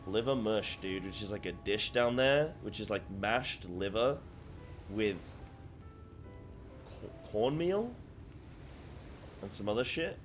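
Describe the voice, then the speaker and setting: A man's voice: on the low side, lively intonation, soft background music. Rambling man streaming a game. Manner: rambling, halting, lots of fillers. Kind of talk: casual live-stream chat.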